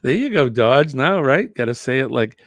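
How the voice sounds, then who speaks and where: A man's voice: mid-range voice, very animated, moderate pace, no room sound. A man from New Hampshire with a New England accent, hosting a live show in a jokey, chatty way and laughing often. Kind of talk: casual live-stream chat.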